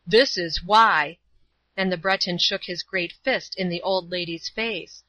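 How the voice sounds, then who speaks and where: A woman narrating a story aloud as an audiobook reader, in a steady, even storytelling way. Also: lowish voice, moderate pace, dry recording, muffled recording. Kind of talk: scripted narration.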